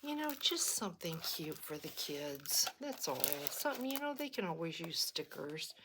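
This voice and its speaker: A woman's voice: on the low side, normal speed. A middle-aged woman chatting and telling stories while she crafts, acting out what people said. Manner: chatty storytelling, lively quoted voices. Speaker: crafting vlogger. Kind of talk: casual chat while crafting. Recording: noticeable background noise.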